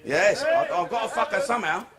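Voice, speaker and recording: A man's voice: sits high, animated, a little fast. A man doing a crude, swearing stand-up comedy set in a club. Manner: crude, swearing, brash storytelling. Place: comedy club stage before a laughing audience. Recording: live club recording, crowd and noise.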